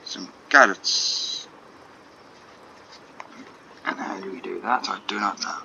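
A man casually narrating his game as he plays, muttering asides and questions. His voice is a little low yet bright and forceful. The mic sounds dull and lo-fi with a faint noise floor. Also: fairly even intonation, fast, creaky. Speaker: gaming channel host. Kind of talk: let's play commentary.

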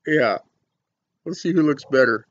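A man's voice: a little high, expressive, unhurried, no echo, highs cut off. A man reviewing cigars on his vlog, chatting casually and telling rambling, folksy stories full of fillers.

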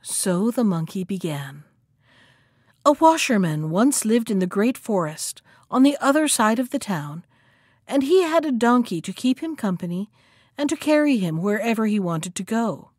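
A woman telling a folktale aloud as a library storyteller, with a measured, clear delivery. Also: mid-range voice, very animated, a little mellow, dry recording, studio quality. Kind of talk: storybook read-aloud narration.

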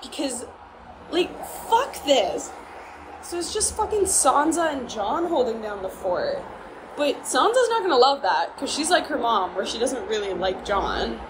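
A woman's voice: fairly high pitch, very animated, unhurried, noisy background. A young adult woman co-hosting a casual podcast, emotional and blunt, swearing often and slipping between laughter and tears. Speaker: podcast co-host.

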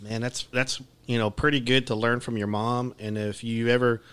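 A man's voice: mid-range voice, flat delivery, moderate pace, a bit bright, clear, resonant tone. A man hosting a podcast interview, chatting casually and enthusiastically, often repeating his words. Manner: friendly, enthusiastic, repeats himself. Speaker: podcast host.

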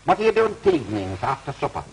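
A dry old Yorkshire baker. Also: male voice, mid-range voice, rapid-fire, vocal fry, slightly rough, heavily acted, low-quality recording. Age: older. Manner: dry, deadpan. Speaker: retired baker. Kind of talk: 1930s British film acting.

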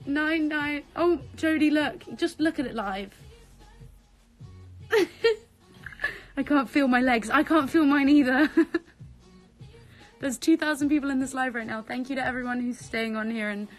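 A giddy woman talks slowly but breathlessly into her phone on a live stream, her voice sitting fairly high. She squeals and repeats herself, and faint music plays behind her in a bedroom. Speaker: social media creator on a live stream. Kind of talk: excited live-stream chat. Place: bedroom at home.

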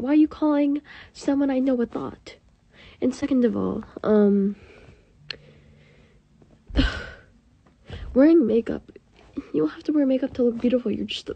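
A woman delivering an impassioned, profane rant as a vlogger, swinging from hushed talk to angry shouting. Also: fairly high pitch, vocal fry, breathy edge.

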